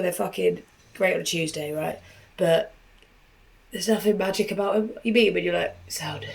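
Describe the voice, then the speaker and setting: On this low-quality recording, a British podcast host with a medium-pitched, gravelly voice reacts to a clip. Her talk is casual, crude and blunt, full of swearing.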